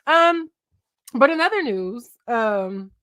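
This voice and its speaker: Speaking slowly and expressively, this young Philadelphia host pitches her voice fairly high with a slightly bright tone, recorded dry and close with no echo. In her twenties, she runs a casual gossip stream, chatting to her audience and drifting off mid-thought to look things up out loud.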